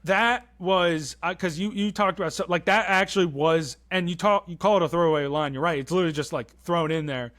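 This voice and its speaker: A young man co-hosting a film podcast, excitedly swearing and acting out movie lines in casual chat. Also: sits high, a little fast, few pauses. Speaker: podcast co-host.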